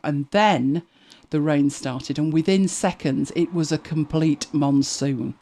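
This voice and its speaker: A woman's voice: sits low, expressive, measured pace, a little mellow. A woman with an English accent hosting a live podcast, telling wry everyday stories with a chatty manner. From Manchester, England. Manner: chatty, wry storytelling with laughs. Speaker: podcast host. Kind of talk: casual chat on a live podcast.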